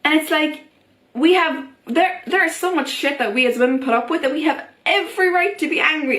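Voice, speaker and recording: A young woman vlogging on a casual rant, her fairly high voice leaping up in excitement. She talks straight to camera in a lively, chatty way, in a room with noticeable echo. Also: brisk. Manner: animated, excitable, frequent pitch jumps and laughs. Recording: echoey room.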